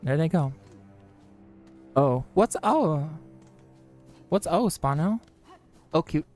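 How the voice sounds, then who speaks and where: A man's voice: a little high, lively intonation, slow, darkish tone, soft background music. A young man streaming, chatting in a rambling, self-mocking way as he games. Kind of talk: casual chat while gaming.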